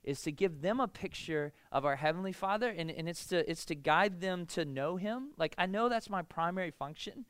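A man's voice: sits high, expressive, moderate pace, hardly any pauses, fairly bright tone, clear, resonant tone, no room sound. A man in his thirties preaching a casual sermon, talking in a conversational way, often asking "why?" and "right?". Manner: conversational, lots of "like" and "right?", rhetorical questions. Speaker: pastor.

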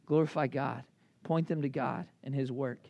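A man in his thirties preaching a sermon in a casual, lively way, full of fillers and asides. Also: medium pitch, normal speed, gravelly, dry recording, dull audio. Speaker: pastor.

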